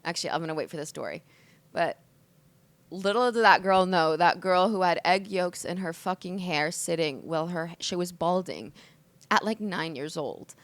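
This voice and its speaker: A woman's voice: fairly low pitch, moderate pace, no echo. A woman in her twenties, from the United States, hosting her own podcast in a candid, emotional solo monologue, swearing freely and saying "like" a lot. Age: 20s. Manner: candid, expressive, swears often, says "like" a lot. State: emotional, hungover. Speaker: podcast host.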